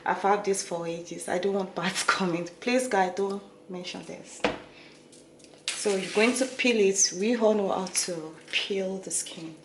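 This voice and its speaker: A woman's voice: medium pitch, steady tone, a little slow. A woman with a Nigerian accent, chatting casually to her vlog audience and often checking in with "okay?" and "guys". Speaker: beauty vlogger. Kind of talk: casual talk to camera. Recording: echoey room with faint noise.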